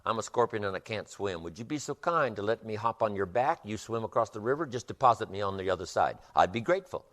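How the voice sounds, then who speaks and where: Man doing a sly polite scorpion, coaxing, lively pitch, fable telling. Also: quick pace, hardly any pauses. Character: smooth, persuasive male scorpion.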